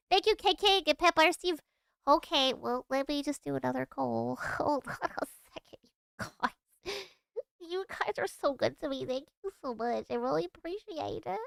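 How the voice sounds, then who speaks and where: Nasally southern gal with a stuffy cold, a streamer hamming it up, high and gravelly. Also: female voice, fairly bright tone, dry recording, clean studio sound, full character voice. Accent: Southern US (put on). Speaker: livestream host. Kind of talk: casual live-stream chat.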